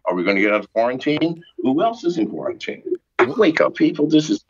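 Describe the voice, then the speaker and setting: A man's voice: on the high side, big pitch swings, quick pace, husky. An older man as a podcast guest, ranting in a profane, exasperated way with sarcastic jokes over a muffled remote line. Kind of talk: ranting call-in interview.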